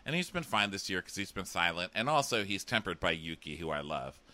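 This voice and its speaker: A man in casual chat, animated and profane, acting out quotes as he talks. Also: low-pitched, a little fast.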